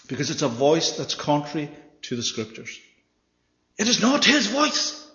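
A man's voice: fairly high pitch, huge pitch swings, normal speed, bright, forceful tone. A man preaching a sermon with emphasis, often checking in with his listeners by asking "Yeah?". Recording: echoey hall, dull sound.

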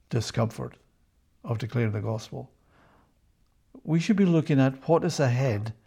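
A man delivers a sermon-style Bible teaching, his voice dark and gravelly. He presses his points hard, repeats key phrases and checks in with a quick "yeah?". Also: medium pitch. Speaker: preacher.

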